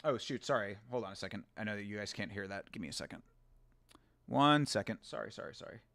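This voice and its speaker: A man hosting a commentary show, speaking in a casual, blunt, profane way with halting restarts. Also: on the low side, fairly bright tone, no echo. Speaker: show host. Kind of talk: live commentary on clips.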